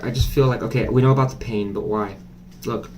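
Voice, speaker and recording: A man's voice: medium pitch, steady tone, brisk, a little mellow, a little hiss or hum. A man doing a casual tarot reading to camera, chatty and blunt, thinking aloud with many fillers. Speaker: tarot reader.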